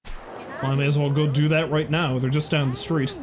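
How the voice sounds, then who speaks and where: A man's voice: fairly high pitch, little pitch movement, moderate pace, a crowd in the background. A man streaming a game who tells a rambling story in a laid-back way and swears casually. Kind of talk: casual storytelling while gaming.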